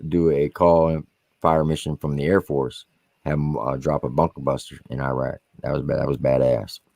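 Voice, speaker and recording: Very deep-voiced man telling war stories. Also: flat delivery, normal speed, creaky, a little mellow, no room sound. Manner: profane, vivid storyteller. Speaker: military veteran podcast guest. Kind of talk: casual storytelling.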